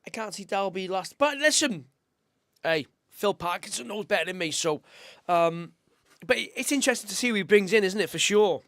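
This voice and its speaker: A man's voice: high-pitched, animated, normal speed, a bit bright, dry recording, studio quality. A young man, co-hosting a casual live-stream chat, chatty and emotional and calling everyone mate. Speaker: co-host, youth football coach.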